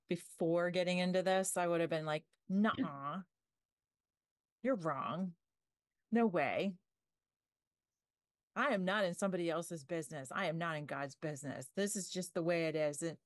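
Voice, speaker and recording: Enthusiastic low-voiced woman in discussion. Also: no echo, clean studio sound. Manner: enthusiastic, replays her own objections in a mock voice. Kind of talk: casual group discussion.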